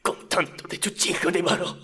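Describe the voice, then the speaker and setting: A man voicing a snarky, exasperated grown man for an audition, speaking with a Castilian Spanish accent and building to loud outbursts. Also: high voice, steady tone, fairly quick, slightly rough, voice pushed up, heavily acted. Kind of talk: voice acting audition.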